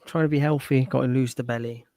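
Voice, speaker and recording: A man hosting a casual group chat, relaxed and chuckling. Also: mid-range voice, a little fast, dry recording. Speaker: channel host.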